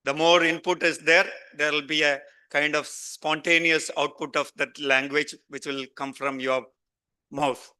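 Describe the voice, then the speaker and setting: A man's voice: fairly high pitch, level tone, a little slow, bright, forceful tone, clean tone. A middle-aged man with an Indian English accent giving a conversational conference lecture, putting questions straight to his audience.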